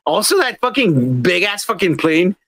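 A man's voice: high-pitched, very animated, moderate pace, fairly bright tone, husky, no echo. A man co-hosting a podcast, complaining in profane casual chat. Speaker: podcast co-host.

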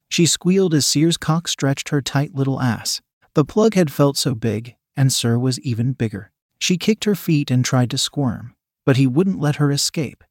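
Dry, steady male story narrator. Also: mid-range voice, normal speed, hardly any pauses, dry recording.

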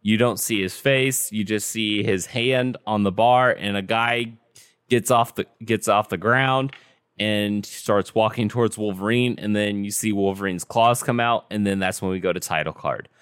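A man hosting a casual chat, with a smooth, clean voice recorded close and dry. He talks in a relaxed way with frequent ums and restarts. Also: on the low side, normal speed, no echo. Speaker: podcast host. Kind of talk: casual gaming news chat.

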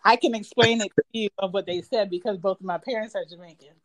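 A woman in her thirties from Georgia, chatting casually and telling animated stories with big jumps in her voice. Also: fast talker, no echo. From United States (Georgia). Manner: animated, laughing storyteller with big pitch jumps. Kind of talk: casual chat.

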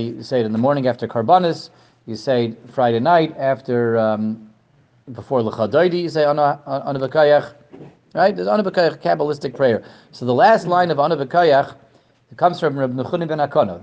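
A man giving a Torah lesson to a class, animated, asking questions and often repeating words. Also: mid-range voice, dull audio. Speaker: Torah teacher. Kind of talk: lecture to a class.

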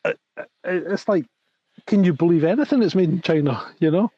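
A man in casual podcast chat, talking hesitantly with halting starts and laughing easily. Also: high voice, animated, warm tone, no echo, dull audio.

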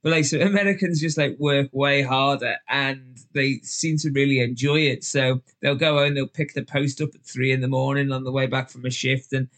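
A man's voice: medium pitch, a bit bright. Liverpudlian man, podcast guest, loose anecdotal storyteller with plenty of "you know". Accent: Liverpool English. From England. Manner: chatty storyteller, lots of fillers, acts out voices. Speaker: guest, ultra endurance runner. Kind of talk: casual podcast chat.

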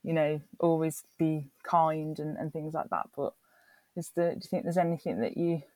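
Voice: mid-range voice, steady tone, normal speed, darkish tone, no echo. An interviewer in a casual chat who laughs often and mostly gives short encouraging replies.

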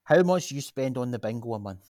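A man's voice: medium pitch, quick pace, no room sound, studio quality, lightly acted. A man playing an earnest Glaswegian local. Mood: persuasive. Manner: earnest, persuasive, animated. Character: earnest local man, grandson of a chip-shop cook. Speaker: local man pitching a gym. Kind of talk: radio drama acting.

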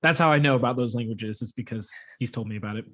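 A man's voice: medium pitch, a bit bright. Emphatic man co-hosting a soccer podcast. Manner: emphatic, opinionated, quick to laugh at the league. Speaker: podcast co-host. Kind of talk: casual soccer podcast chat.

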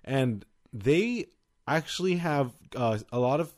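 A man's voice: medium pitch, lively intonation, slow pace, darkish tone. A man co-hosting a podcast in casual chat, laid-back and rambling, with the odd casual curse. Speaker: podcast co-host.

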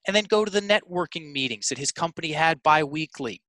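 A man's voice: on the high side, animated, a little fast, few pauses, pushed and bright, no echo, low-quality recording. A man talking as a coach in an interview, telling stories emphatically, addressing listeners as folks, with frequent restarts. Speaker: sales and mindset coach. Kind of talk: conversational storytelling interview.

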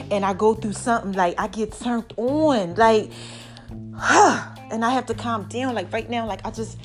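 A young woman hosting her own show, chatting playfully to her followers and calling them baby, with faint music underneath. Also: on the high side. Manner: animated, playful, calls listeners baby. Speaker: vlogger and podcast host. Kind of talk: casual chat to followers.

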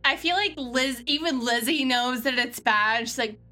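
A woman's voice: a little high, moderate pace, sharp tone. A woman playing a tabletop game, sheepish and laughing as she talks. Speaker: player. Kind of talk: casual tabletop game chat.

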